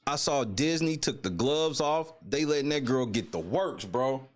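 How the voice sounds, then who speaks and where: Animated, profane male live-stream host. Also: medium pitch, measured pace, few pauses. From Indiana. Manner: greets chatters mid-rant. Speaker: livestream host. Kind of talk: casual live-stream commentary.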